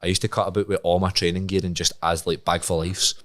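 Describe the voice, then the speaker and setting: Deep-voiced Scottish man recounting a story. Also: quick pace, no echo, clean studio sound. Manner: laughing, lively storyteller who acts out the dialogue. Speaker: podcast guest. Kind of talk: casual chat, telling a story.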